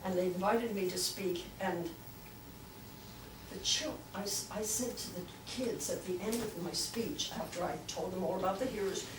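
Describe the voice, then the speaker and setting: An older woman giving a lively storytelling talk to a club, acting out the voices she quotes. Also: mid-range voice, normal speed, background noise. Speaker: guest speaker. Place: club meeting room. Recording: echoey room, mic from far off.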